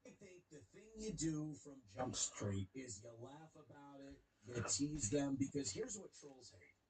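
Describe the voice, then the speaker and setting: A man's voice: fairly high pitch, expressive, measured pace, a little mellow, rough recording. A man played as a clip, confidently lecturing about handling internet trolls. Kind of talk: casual chat.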